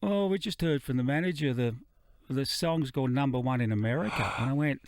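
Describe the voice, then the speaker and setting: A man's voice: medium pitch, a little fast. Laconic Australian man spinning yarns. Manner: laconic, dry yarn-spinning. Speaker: musician guest. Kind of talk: casual radio interview, storytelling.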